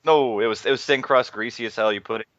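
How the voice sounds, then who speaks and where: A man's voice: mid-range voice, fast, fairly bright tone, dry recording. A man co-hosting a gaming podcast, rambling loosely and swearing freely in casual chat. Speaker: podcast co-host. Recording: slightly dull, dry lo-fi sound.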